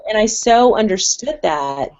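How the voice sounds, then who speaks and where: A woman's voice: mid-range voice, expressive, unhurried, a little mellow. Young woman telling candid stories, lo-fi. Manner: candid, storytelling, uses "like" a lot. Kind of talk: casual chat. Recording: dull lo-fi stream audio.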